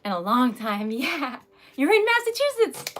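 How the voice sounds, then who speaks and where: A woman's voice: high-pitched, sing-song, unhurried, a little hiss or hum. A young woman with a Rhode Island accent, chatting casually on a livestream with viewers, giggly and easily sidetracked. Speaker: livestreaming poet and craft seller.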